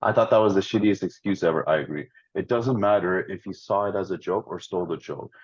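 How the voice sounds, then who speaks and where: A man with a fairly low voice co-hosts a casual podcast, reading posts aloud and adding playful emphasis. He laughs easily between lines. The sound is dry and a bit dull, like a basic home recording. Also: quick pace, breathy edge, no room sound. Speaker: podcast co-host.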